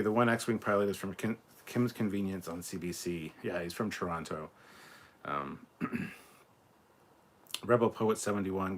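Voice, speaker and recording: A Scottish man hosting a casual live reaction stream, reading out viewer comments in a laid-back, chatty way and swearing freely. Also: sits low. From Scotland.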